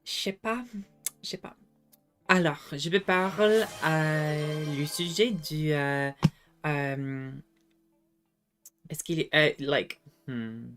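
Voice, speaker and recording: A young adult woman streamer chatting casually with viewers, self-deprecating and halting when she tries French. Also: low voice, fairly bright tone, faint music behind. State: slightly under the weather.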